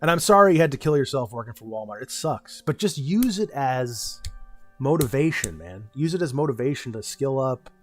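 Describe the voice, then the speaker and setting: A man's voice: medium pitch, expressive, normal speed, soft background music. A young man streaming and talking with his chat in a blunt, profane, ranting way. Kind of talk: casual livestream chat.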